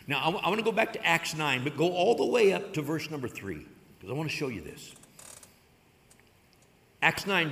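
Bright-voiced man preaching in a reverberant hall. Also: on the high side. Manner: storytelling, with sweeping swings from quiet to loud. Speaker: pastor. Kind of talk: sermon.

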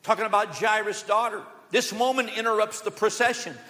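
A man preaching a sermon from a church sanctuary, telling stories with quoted voices and swinging between loud declarations and hushed asides. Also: sits high, a little fast. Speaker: pastor. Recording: long church hall reverb.

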